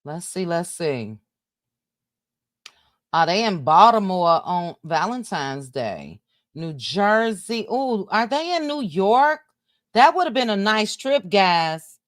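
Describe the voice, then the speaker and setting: A woman hosting a livestream, chatting casually with her viewers and reading things out loud as she goes. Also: mid-range voice, sing-song, slow, no room sound, clean studio sound. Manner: chatty, reads out loud while talking to viewers. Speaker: livestream host.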